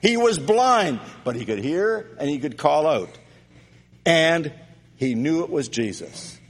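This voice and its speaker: Middle-aged male preacher from Canada, loud lively sermon delivery, slightly high voice, long hall echo. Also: measured pace. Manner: loud, animated preaching with storytelling asides.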